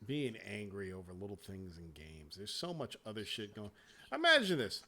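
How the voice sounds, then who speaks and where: A man hosting a casual gaming chat show, talking in a profane, animated way and laughing often. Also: lowish voice, moderate pace. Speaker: show host.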